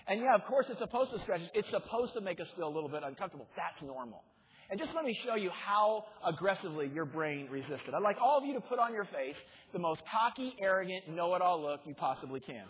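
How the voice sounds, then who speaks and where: A man giving a motivational keynote speech, joking with the audience and leading them through exercises. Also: high voice. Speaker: keynote speaker. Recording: tinny lo-fi speaker demo reel.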